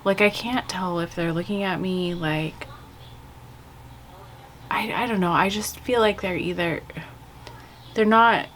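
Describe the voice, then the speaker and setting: A woman's voice: mid-range voice, a little slow, pauses often, fairly bright tone, slight background noise. A woman vlogging casually as she does her makeup, chatty and candid, rambling with lots of "like" and "you guys". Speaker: beauty vlogger. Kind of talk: casual chat while doing makeup. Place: home with kids' video playing behind.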